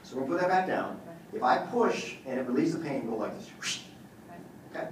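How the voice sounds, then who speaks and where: A man's voice: a little high, big pitch swings, brisk, a little hiss or hum. A man who is a chiropractor, giving a joking, boastful live demonstration talk to an audience as he works on a patient. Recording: echoey room, voice from far off.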